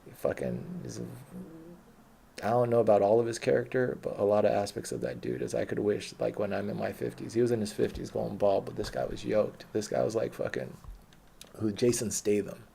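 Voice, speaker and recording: Gravelly low-voiced man rambling a story. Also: brisk, mellow, slight background noise. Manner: rambling, profane, self-correcting. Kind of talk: casual autobiographical storytelling.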